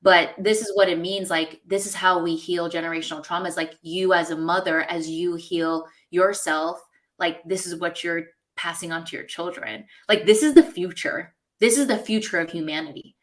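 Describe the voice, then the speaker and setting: A woman's voice: lowish voice, moderate pace. Earnest New woman hosting a podcast. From New York. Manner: earnest and reflective, with many "like"s and "you know"s. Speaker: podcast host. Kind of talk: casual podcast conversation.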